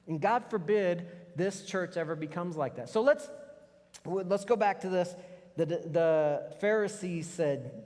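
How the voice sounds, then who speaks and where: A man preaching a sermon as pastor, telling a personal story in a conversational way with animated asides. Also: sits high, unhurried. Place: church sanctuary. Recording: long hall reverb.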